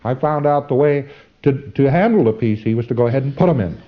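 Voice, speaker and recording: A man's voice: mid-range voice, animated, quick pace. A man giving an informal instructional lecture, folksy and emphatic, with frequent asides and fillers. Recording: dull lo-fi recording.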